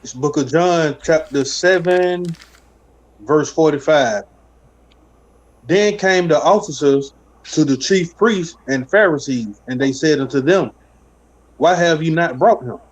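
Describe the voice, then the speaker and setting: A man reading scripture aloud at a steady, measured pace during a Bible study. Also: a little high. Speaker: scripture reader. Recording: dull lo-fi audio.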